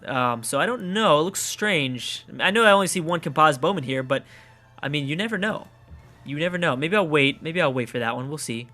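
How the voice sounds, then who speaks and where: A man's voice: on the high side, lively intonation, brisk, pushed and bright, soft background music. A Canadian man with a Canadian accent, casually commenting on his own strategy game play, thinking aloud and swearing at setbacks. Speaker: let's play gamer.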